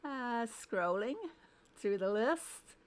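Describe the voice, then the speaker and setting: Slow-talking woman livestream host. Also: on the high side, lively intonation. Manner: greets viewers one by one, chatty and friendly; thinks aloud while fiddling with settings. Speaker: game livestreamer. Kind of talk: casual livestream chat.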